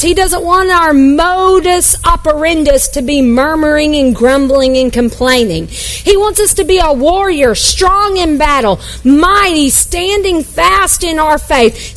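Woman pastor, sermon, high voice, emphatic, playful asides, church service. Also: low-quality recording.

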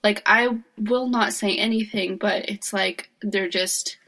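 A woman's voice: medium pitch, steady tone, slow pace, fairly bright tone. A woman co-hosting a casual podcast chat, talking in a matter-of-fact, teasing way. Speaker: podcast co-host.

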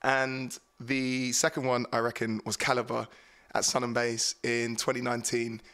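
A man hosting a drum and bass podcast, chatting casually and excitedly between tracks, joking and tripping over his words. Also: moderate pace, clean tone. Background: drum and bass music playing.

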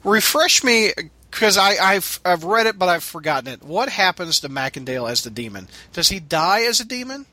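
A man's voice: sits high, big pitch swings, normal speed, sharp tone, no echo. A man co-hosting a casual comic book chat, laughing often and answering with short agreements. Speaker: podcast co-host.

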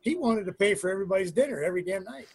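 The voice sits high with a breathy edge, rapid-fire in delivery. It belongs to a middle-aged former pro wrestler, an interview guest casually spinning profane locker-room tales, acting out quotes amid trailing fillers and restarts.

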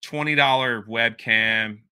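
Bright-voiced young man telling stories. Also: medium pitch, takes it slowly, clear, resonant tone. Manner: animated, laughing, many fillers. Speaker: interview guest, YouTuber. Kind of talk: casual storytelling.

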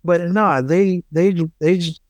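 A man's voice: sits high, steady tone, slow, dry recording. A man in his thirties co-hosting a podcast, telling stories animatedly with profanity and laughter. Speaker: podcast co-host. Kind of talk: casual storytelling.

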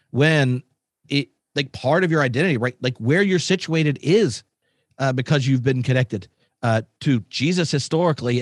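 A man giving a casual, animated theological talk, full of fillers like "like" and "um". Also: mid-range voice, no room sound, studio quality. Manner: animated, filler-heavy, conversational. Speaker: podcast guest speaker.

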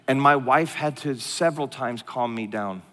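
A middle-aged pastor preaching a sermon in a large church hall, an animated, joking storyteller who drops to a hushed tone for serious moments. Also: male voice, medium pitch, normal speed. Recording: long hall reverb.

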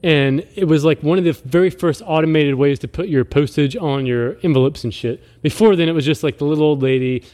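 A man's voice: a little high, fairly quick, few pauses, mellow. A man hosting a comedy podcast, introducing each segment and joking in a casual chat. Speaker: podcast host.

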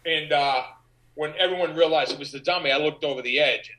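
Bright-voiced man telling animated stories. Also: fairly high pitch, brisk, poor audio. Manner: animated, acts out quoted voices. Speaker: actor guest. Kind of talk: anecdotal storytelling.

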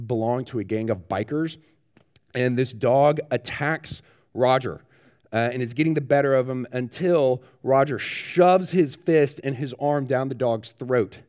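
A man preaching a sermon, telling vivid stories with growing animation. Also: mid-range voice. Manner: animated storyteller, rising excitement, laughs. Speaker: pastor. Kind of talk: sermon storytelling.

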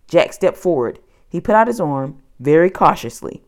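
A woman narrating a children's audiobook with an expressive storytelling delivery. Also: low voice, moderate pace.

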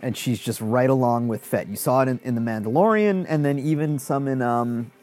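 A man's voice: mid-range voice, fairly quick, darkish tone, faint music behind. A man giving casual reaction commentary on a show, rambling with many restarts. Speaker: show reviewer.

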